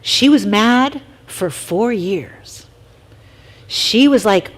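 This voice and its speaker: A woman leading a casual youth talk for middle schoolers, telling lively stories and asking the group questions. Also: mid-range voice, drawn-out words.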